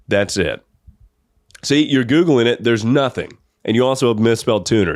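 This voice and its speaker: A man's voice: mid-range voice, expressive, normal speed, a little mellow, no echo, studio quality. A young man hosting a podcast, telling a comedic story in a rambling way and often laughing through it. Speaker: podcast host.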